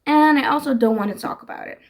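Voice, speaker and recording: A woman's voice: high-pitched, fast, slight background noise. A young woman chatting casually in her reading vlog, gushing and giggly about the books she's read. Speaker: book vlogger.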